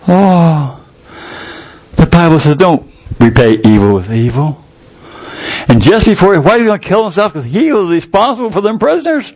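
A man's voice: sits high, lively intonation, fairly quick, darkish tone. An older man preaching a sermon, retelling scripture in a folksy, colloquial way with rising fervor.

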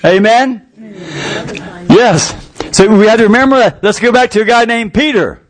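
A man's voice: extremely high pitch, moderate pace. An older man preaching a sermon, retelling scripture in a folksy, colloquial way with rising fervor.

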